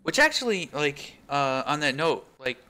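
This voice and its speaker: A man's voice: fairly high pitch, big pitch swings, normal speed, pushed and bright. A man developing a game, chatting casually while playtesting it, thinking aloud, laughing often and trailing off with fillers. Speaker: game developer streaming his build.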